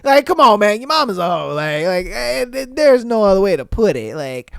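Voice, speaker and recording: A man hosting a podcast, reading posts aloud and reacting bluntly in slangy talk with loud exclamations. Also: high-pitched, sing-song, normal speed, creaky, few pauses, clear, resonant tone, no room sound, clean studio sound. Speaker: podcast host.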